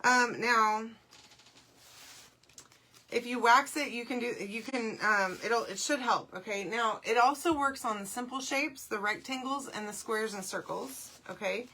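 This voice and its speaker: A woman, hosting a live crafting demo and chatting along as she works, often checking in with a quick "okay?". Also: a little high, sharp tone. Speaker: craft livestream host.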